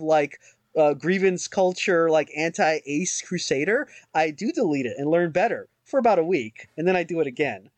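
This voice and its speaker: Higher-voiced man rambling on a podcast. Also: no echo. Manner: rambling, self-mocking, lots of fillers and restarts. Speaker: podcast co-host. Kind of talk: casual chat.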